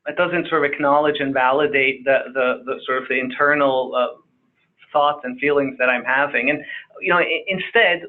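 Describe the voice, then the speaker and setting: A man's voice: mid-range voice, steady tone, moderate pace. Emphatic man over a phone line. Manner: emphatic, repeats words. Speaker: psychiatrist guest. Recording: phone-quality audio.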